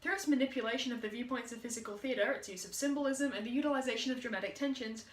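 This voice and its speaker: A woman, a drama student, giving a brisk, upbeat school drama presentation. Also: a little high. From Australia. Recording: echoey room.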